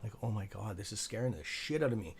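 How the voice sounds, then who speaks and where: A man's voice: fairly low pitch, animated, quick pace, breathy edge. Rambling, foul-mouthed man chatting casually. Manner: rambling, swears freely, laughs at own jokes. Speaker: host of a live stock trading stream. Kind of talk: casual chat.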